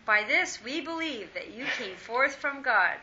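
A woman reading scripture aloud in a steady, measured way during a Bible study. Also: high voice. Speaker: scripture reader. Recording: muffled lo-fi with faint hiss.

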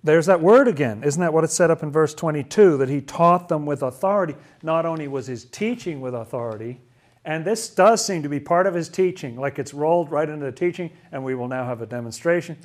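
Man, somewhat high-pitched, casual Bible study teacher. Questioning, conversational delivery with restarts. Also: fairly quick. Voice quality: asks lots of questions, chatty, stumbles and restarts.

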